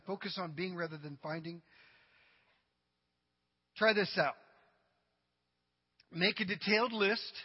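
A male pastor preaching a sermon to his congregation, dramatic and humorous, swinging from loud cries to quiet asides. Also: high-pitched, husky. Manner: humorous, addresses the congregation directly. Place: church sanctuary. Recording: dull recording with long hall reverb.

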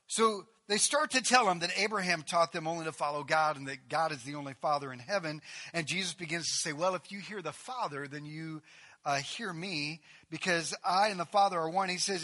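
A man preaching a sermon, reading scripture aloud with lively, emphatic asides. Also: fairly high pitch.

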